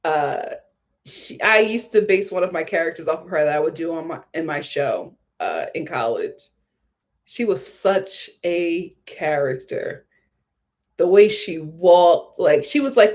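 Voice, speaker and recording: American woman host, casual commentary, lively high voice. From United States. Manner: chatty, reads viewer comments aloud; animated, storytelling.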